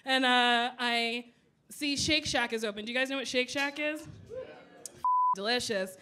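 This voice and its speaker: A woman's voice: a little high, moderate pace. A woman comedian telling a stand-up story, acting out the voices of the people in it. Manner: animated, playing out voices of people in her story.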